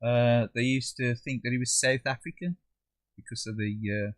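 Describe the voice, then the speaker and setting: A livestream gamer from the English Midlands, speaking with a Black Country accent, chats casually and reads live chat as he plays, trailing off, joking, swearing and doing funny quoted voices. He has a mid-range voice with fairly even intonation at a moderate pace, recorded without echo.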